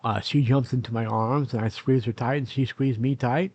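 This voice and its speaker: An older man films himself on camera in his nursing home room, rambling through a long personal story, often correcting himself and filling pauses with "uh." His medium-pitched voice is steady and darkish with a breathy edge, at a moderate pace. The recording is muffled, with no room sound.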